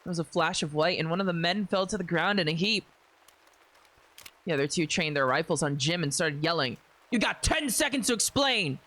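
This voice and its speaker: A streamer reading a visual novel aloud with expressive, swearing reactions. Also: male voice, fairly high pitch, brisk.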